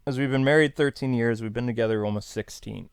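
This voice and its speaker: A man's voice: medium pitch, fast, gravelly, clear, resonant tone, no echo, clean studio sound. A man in his thirties from New York, hosting a casual live stream and chatting in a rambling, self-deprecating, jokey way. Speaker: streamer host.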